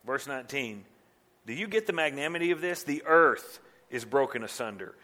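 A man preaching a sermon, moving from quiet reflection to loud, passionate declarations and asking his listeners rhetorical questions. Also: medium pitch, animated, fairly quick. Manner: swings from hushed to loud and impassioned, rhetorical questions. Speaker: pastor. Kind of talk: expository sermon.

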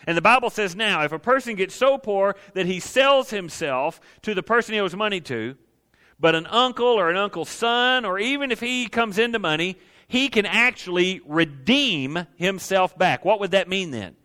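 A man's voice: high voice, expressive, moderate pace, pushed and bright. A man preaching a sermon, folksy and emphatic, speaking directly to his congregation. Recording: long hall reverb.

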